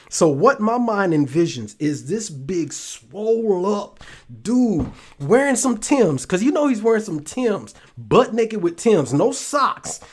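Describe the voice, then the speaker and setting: Male host, solo casual monologue; unhurried, lively pitch, laughs a lot, loops phrases, profane. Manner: animated, laughs often, repeats phrases, swears freely. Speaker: show host.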